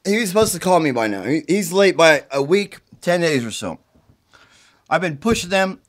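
A sick, worn-out middle-aged man rants and pleads in a slightly high voice, swearing as he goes. He sounds agitated and run down with the flu. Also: sing-song, moderate pace. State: sick with the flu, congested and tired. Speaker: self-recording video poster. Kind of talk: rambling direct-to-camera plea. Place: indoors at his mother's home.

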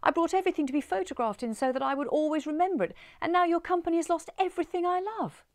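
A woman reading a story aloud, voicing an anxious, fussy woman traveller who pleads in a high, distressed voice. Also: fast, dry recording, studio quality. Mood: distraught.

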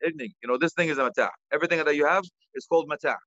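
A man's voice: fairly high pitch, rapid-fire, pushed and bright, dry recording, muffled recording. A man giving a sermon as an imam, addressing listeners directly and weaving in Arabic terms and recitation. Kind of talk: sermon lecture.

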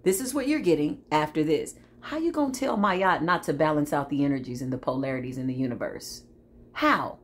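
Brisk and sing-song, a woman on the low side of the pitch range reads tarot for her viewers. The spiritual monologue comes across as sassy and preachy, with frequent laughter and asides.

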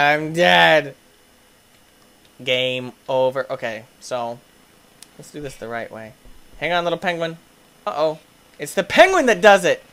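An excitable man narrating his own gameplay in a bouncy voice that swoops high and low. He laughs easily, shouts at his mistakes and talks to the game's characters. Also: normal speed. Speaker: gaming YouTuber. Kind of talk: let's play commentary.

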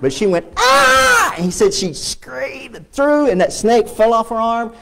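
A man with a Texan accent preaching a sermon in church, emphatic and storytelling, with shouted exclamations. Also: extremely high pitch, lively intonation, normal speed, creaky. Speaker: pastor.

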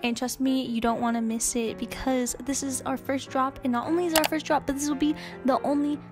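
A woman's voice: sits high, little pitch movement, over music. A young woman vlogger doing a casual merch plug straight to camera, giggly and poking fun at herself. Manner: giggly, self-deprecating, talks fast.

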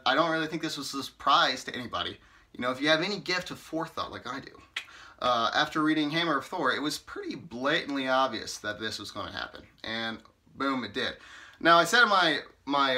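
Bright-voiced man rambling casually. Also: mid-range voice. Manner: rambling and chatty, full of "like" and "you know"; playfully exasperated, teasing. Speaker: book reviewer. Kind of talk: casual vlog commentary.

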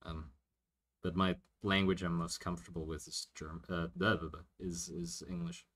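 A man's voice: low-pitched, flat delivery, moderate pace, fairly bright tone. A man from Germany, a streamer, chatting casually and hesitantly, stammering and restarting, with casual swearing. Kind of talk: casual chat.

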